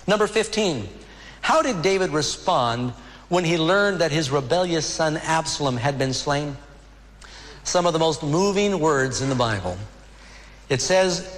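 A man preaching a sermon as a pastor, earnest and emotional, slowing down for dramatic pauses. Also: fairly high pitch, long reverb tail.

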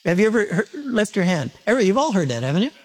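A man's voice: sits high, sing-song, quick pace, a little hiss or hum. A man preaching a sermon to a congregation, talking to them directly with questions and joking about himself. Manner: self-mocking humorous asides. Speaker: pastor. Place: church service before a congregation.

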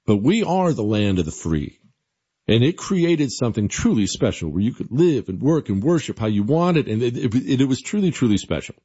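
Male talk radio host, mocking and sarcastic, lively swinging delivery, slightly dull lo-fi sound. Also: mid-range voice, normal speed, breathy edge. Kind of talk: opinionated talk radio monologue.

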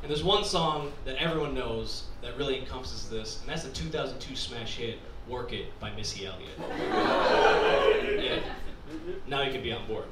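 A man doing a stand-up comedy set, excitable and bursting into loud punchlines, recorded live with an audience. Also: medium pitch. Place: comedy club stage. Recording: roomy live club sound with a loud crowd, from a distance. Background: audience laughter.

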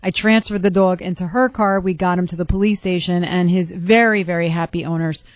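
A caller rushing through a story with excited energy and quick laughs. The sound is dry and close. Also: medium pitch, no echo.

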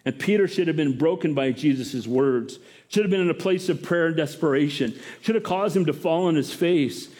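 Lively pastor preaching a sermon. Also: male voice, fairly high pitch, moderate pace. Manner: lively, talks to the congregation with questions.

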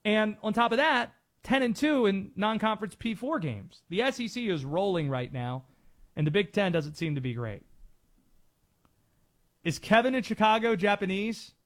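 A man's voice: sits high, lively intonation, moderate pace. A man hosting sports talk radio from a studio, driving his points home with rhetorical questions.

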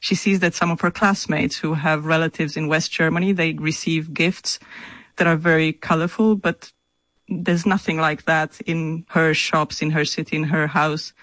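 A woman from Romania, a novelist speaking in an interview in a slow, thoughtful, measured way. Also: sits low, flat delivery, fairly bright tone, no room sound, rough recording. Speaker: novelist guest. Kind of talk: remote interview.

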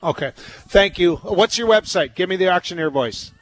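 A man with a slightly high voice hosts a radio talk show. He talks briskly, keeping an eye on the clock. The sound is dry and close. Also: animated, fairly bright tone, no echo, soft background music. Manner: brisk, keeps time and hands over. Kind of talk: live radio interview. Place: by a lake outdoors.

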